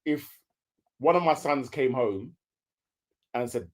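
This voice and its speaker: A man's voice: mid-range voice, lively intonation, takes it slowly. A man co-hosting a casual chat, teasing and blunt. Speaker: co-host reviewing a reality show.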